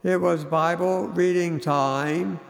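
A man preaching a sermon as a story, with a slow, emphatic, dramatic delivery. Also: high voice, fairly even intonation, gravelly. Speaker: radio preacher. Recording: long hall reverb.

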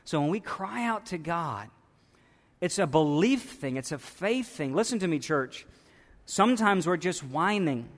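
A man preaching a sermon as pastor to his church, moving from quiet reflection to loud, fervent preaching. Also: a little high, lively intonation, unhurried, big-room sound. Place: church sanctuary.

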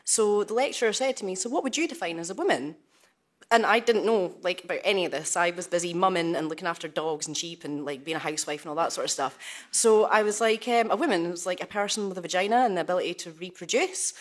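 A woman's voice: on the low side, fast talker. A woman on a panel, a law student, telling her own story in a chatty, colloquial way with many fillers over a remote call.

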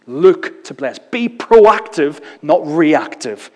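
A man delivers a lively, conversational sermon, slipping into different voices for quotes and adding light humor. His voice sits a little high for a man. The sound rings with the long reverb of a church hall. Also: a little slow, hardly any pauses. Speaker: preacher.

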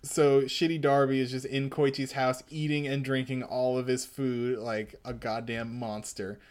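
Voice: medium pitch, flat delivery, unhurried, darkish tone. A podcast host casually recapping and reading a comic aloud, laughing and swearing freely. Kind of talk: casual chat and read-aloud.

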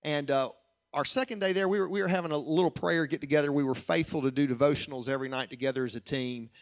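A middle-aged man preaching a sermon, telling a personal story in an earnest way and slowing down to stress key lines. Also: fairly high pitch, fairly even intonation.

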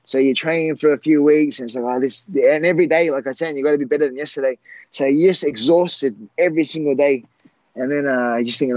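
A man in his forties, a former fighter, tells a long story at an easy, rambling pace. His voice sits a little high for a man and keeps stopping on "uh" and "um" to restart. The sound is dry and a bit muffled, like a lo-fi recording. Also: steady tone, a little mellow, dry recording. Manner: rambling, halting with many fillers and restarts. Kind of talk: casual storytelling.

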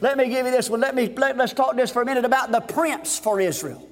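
A man preaching a fervent revival sermon, shouting and repeating his refrains, recorded at a conference. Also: extremely high pitch, fast talker, long reverb tail. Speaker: guest preacher.

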